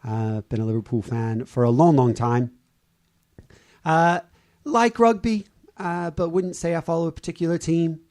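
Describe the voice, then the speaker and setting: A man hosting a casual sports podcast, pausing often with fillers and restarts. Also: a little high, darkish tone. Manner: hesitant, many fillers and restarts. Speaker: podcast host.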